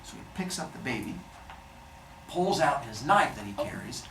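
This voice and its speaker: A male teacher retelling a myth to his class in a playful, wry, animated way. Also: medium pitch, normal speed, creaky, a little hiss or hum. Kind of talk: classroom storytelling. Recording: echoey classroom, mic far off.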